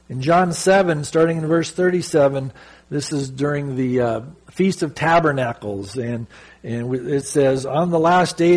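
A middle-aged man from Southern California preaching a sermon, reading scripture slowly and telling stories earnestly. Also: fairly high pitch, husky. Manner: earnest, animated storytelling with slow scripture reading. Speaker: pastor.

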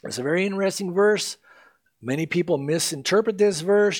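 A male pastor delivers his sermon in a voice pitched a little higher than most men's. He talks plainly and conversationally, mixing scripture with everyday stories. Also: expressive, normal speed. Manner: conversational preaching with anecdotes and scripture readings.

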